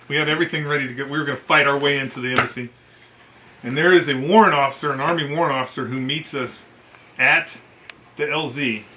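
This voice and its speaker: A man's voice: fairly high pitch, sharp tone. Profane man telling a salty war story. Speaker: storytelling host, Marine veteran. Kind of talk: casual spoken war story.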